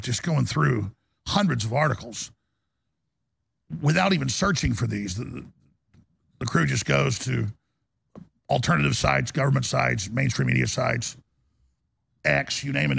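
In a broadcast studio, a male talk radio host with a gravelly, raspy, mid-range voice that's a bit bright rambles through an impassioned monologue. There's no room sound, and he restarts often as his outbursts keep rising.

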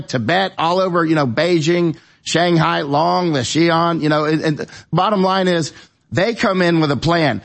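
A man appearing as a guest on a talk show, chatting in a rambling, digressive way with many restarts. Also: a little high. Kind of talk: casual talk show conversation.

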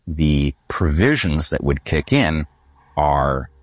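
A man with a very low voice speaks as an interview guest. He argues in a deliberate, grave, emphatic way. The sound is dry and close. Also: animated, no echo, dull audio. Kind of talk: measured spoken argument.

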